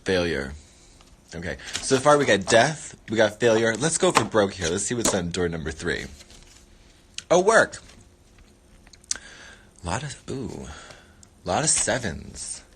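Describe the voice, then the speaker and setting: A man's voice: on the low side, sing-song, normal speed, a bit bright, slight background noise. A man hosting a casual livestream, chatting playfully while he eats and rambling between muttered catchphrases. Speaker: livestream host.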